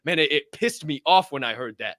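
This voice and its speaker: A man co-hosting a podcast, ranting with passion and lots of swearing, his voice swinging from loud bursts to low mutters. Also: expressive, brisk, no room sound, studio quality. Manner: profane, heated, swings loud and soft. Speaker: podcast co-host. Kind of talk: fired-up motivational rant.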